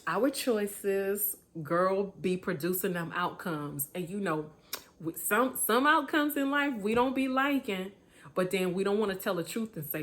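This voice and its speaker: A woman's voice: medium pitch, expressive, measured pace. A woman giving a motivational talk in a preaching style, emphatic and colloquial, repeating her points and chuckling now and then. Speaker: motivational speaker.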